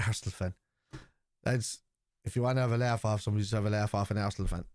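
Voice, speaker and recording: A man's voice: lowish voice, warm tone, dry recording, studio quality. A man hosting a live football watchalong, chatting casually in a blunt, opinionated way with plenty of swearing and repeated points. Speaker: host of a football watchalong stream. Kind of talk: casual live commentary and chat.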